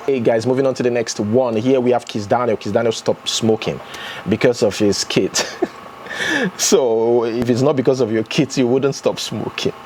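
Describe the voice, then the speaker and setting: A man's voice: medium pitch, normal speed, darkish tone, slight background noise. A man hosting a casual commentary vlog, reading posts aloud and reacting in a chatty way. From Nigeria. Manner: chatty, reacts with rising exclamations. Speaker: vlogger host.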